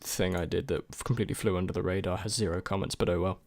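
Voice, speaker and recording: A man's voice: sits low, steady tone, quick pace, darkish tone, no echo, studio quality. A young man and YouTube creator in casual chat, answering viewer questions in a rambling, hesitant way with many restarts.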